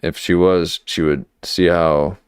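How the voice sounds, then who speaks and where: A man's voice: deep voice, fairly even intonation, slow pace, clean tone, no echo, studio quality. A man hosting a livestream and commenting on clips, getting worked up and talking back at the screen.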